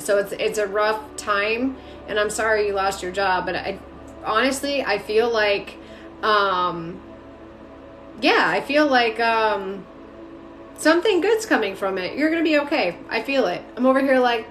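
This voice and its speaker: A woman's voice: mid-range voice, lively intonation, a little slow, a bit bright, roomy sound, faint music behind. A woman giving casual live-stream spiritual readings, chatty, greeting viewers by name and talking with lots of fillers. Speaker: spiritual reader and mentor. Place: home room.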